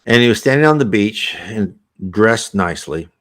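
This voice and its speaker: Male reader-commentator, low voice with lively swings, rambling asides. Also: normal speed. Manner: rambling, animated, many restarts. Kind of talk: reading aloud with casual commentary.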